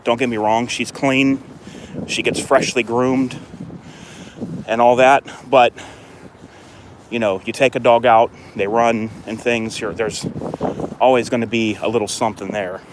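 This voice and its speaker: Outdoors by a fenced court, a dog owner vlogger films on a handheld phone while playing with his dog, chatting and rambling casually. His intonation is fairly even and his pace measured, with long pauses, though he lifts his voice high to praise the dog. The background is noisy.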